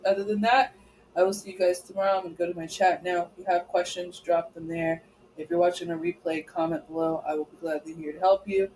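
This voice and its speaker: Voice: mid-range voice, level tone, quick pace, darkish tone, slight background noise, rough recording. A travel advisor trainer giving a casual, chatty live walkthrough of a booking website, often checking in with the viewers.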